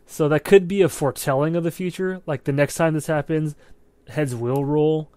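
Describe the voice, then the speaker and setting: On the high side and at normal speed, his voice comes through a dry recording as he co-hosts a casual movie podcast. He swears plenty, stays animated, and keeps checking in with "right?".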